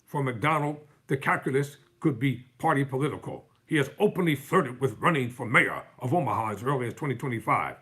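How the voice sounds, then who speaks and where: Husky man reading news with fiery commentary. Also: mid-range voice, lively intonation, fairly quick, few pauses, a bit bright. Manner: fiery, sarcastic, mocking. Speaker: live-stream host. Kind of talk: reading news articles aloud with heated commentary.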